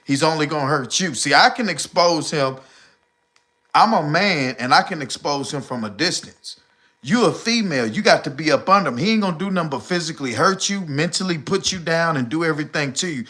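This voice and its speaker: A man's voice: fairly high pitch, lively intonation, a little fast, pushed and bright. A middle-aged man hosting a live stream, chatting casually and reading comments in rambling slang, often short of breath.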